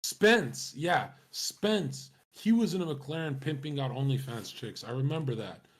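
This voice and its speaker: A man's voice: medium pitch, expressive, a little slow. A young man streaming, talking in a casual, rambling way, swaggering and full of profanity and slang.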